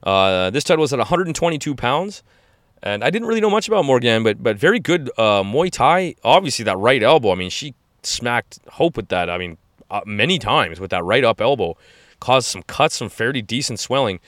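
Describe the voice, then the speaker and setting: A man's voice: on the low side, a bit bright, no echo, clean studio sound. A man in his forties hosting a podcast, recapping fights in a rambling, enthusiastic way full of restarts. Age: 40s. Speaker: podcast host. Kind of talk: casual fight-recap chat.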